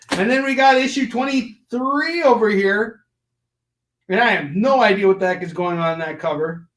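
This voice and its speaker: A high, bright-voiced man hosts a live sales show in an animated, jokey way. He pitches deals and bursts out with silly shouted sound effects. The room around him is echoey. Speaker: host of a live comic shopping show.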